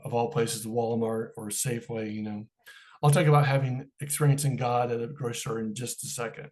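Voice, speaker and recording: A man's voice: medium pitch, a little mellow. A middle-aged man, a podcast guest, telling a personal story in an interview and acting out the dialogue in it.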